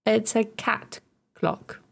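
A woman's voice: fairly high pitch, extremely slow, vocal fry. A woman from Hertfordshire, co-hosting a podcast and rambling through stories with lots of giggles. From Hertfordshire, England. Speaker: podcast co-host. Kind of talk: casual chat.

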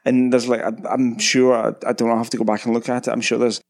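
A man's voice: medium pitch, flat delivery, brisk, creaky. Wry man rambling in casual chat. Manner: wry, rambling with self-corrections. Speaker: podcast co-host. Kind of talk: casual discussion.

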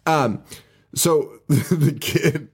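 A man's voice: fairly high pitch, very slow, husky. Laughing, swearing podcast co-host man. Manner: laughs often, swears, restarts sentences. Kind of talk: casual chat recapping a movie.

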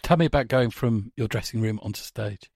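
A man's voice: medium pitch, a little fast, creaky, a little mellow, slightly rough, dry recording, clean studio sound. A man hosting a podcast interview, reading questions in a playful, casual way.

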